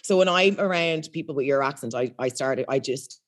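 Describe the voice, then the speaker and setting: Irish woman, chatty and animated. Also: very deep voice, brisk. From Ireland. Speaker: guest comedian. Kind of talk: casual chat. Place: outdoors in public. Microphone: video call.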